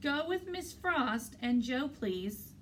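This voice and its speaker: Patient pitying teacher, high bright voice, as a woman reads her out, polite and measured, a bit off-mic. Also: lively intonation, distant mic, a little hiss or hum, full character voice. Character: patient, gently pitying female schoolteacher. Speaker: teacher character.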